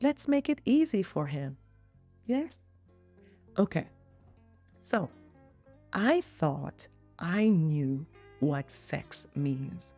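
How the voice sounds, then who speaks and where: A woman's voice: low voice, sing-song, extremely slow, long pauses, dark tone, soft background music. A middle-aged woman hosting a podcast, chatting in a playful way with teasing asides to the listener. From Jamaica. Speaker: podcast host and physician.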